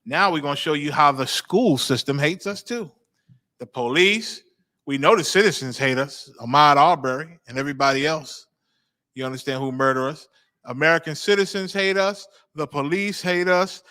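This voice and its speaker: A man's voice: on the high side, sharp tone. A male host giving preaching commentary, emphatic, repeating phrases and checking in with 'you understand?'.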